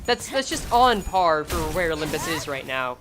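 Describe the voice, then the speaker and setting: A woman's voice: deep voice, sing-song, normal speed, music in the background. A woman streaming a game, reading skill text aloud and joking sarcastically with her chat.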